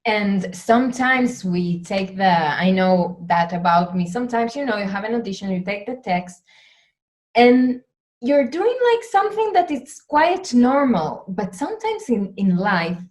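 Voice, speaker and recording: A woman with an Israeli accent interviewing, telling stories in a lively way with acted-out screams and laughter. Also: mid-range voice, a little slow. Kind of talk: conversational interview.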